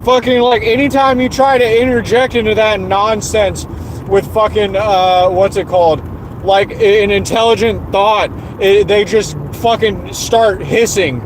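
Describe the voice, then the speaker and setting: A man's voice: high voice, unhurried, background noise. A man streaming an angry, profane, repetitive rant. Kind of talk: angry ranting monologue.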